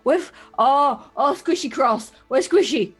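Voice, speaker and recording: A woman's voice: sits high, lively intonation, slow pace, faint music behind. A woman voicing a dim, groggy alien cook who talks in broken, slurred caveman grammar.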